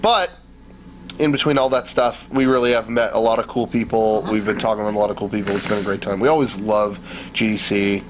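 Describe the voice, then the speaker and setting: A man's voice: lowish voice, steady tone, brisk, background noise. A man co-hosting a podcast from a hotel room, telling stories animatedly and mimicking other people. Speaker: podcast co-host. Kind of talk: casual chat.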